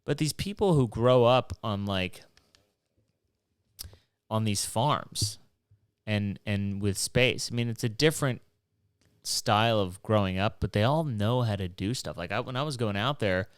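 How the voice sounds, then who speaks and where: A man's voice: lowish voice, unhurried, clear, resonant tone, no room sound, clean studio sound. A young man hosting his own show, rambling casually and swearing, mocking himself as he goes. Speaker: podcast host. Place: New York City apartment.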